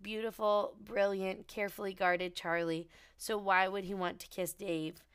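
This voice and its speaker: A woman co-hosting a podcast in casual, excitable book chat, swearing freely and reading passages aloud. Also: medium pitch, normal speed, clean tone. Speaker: podcast co-host.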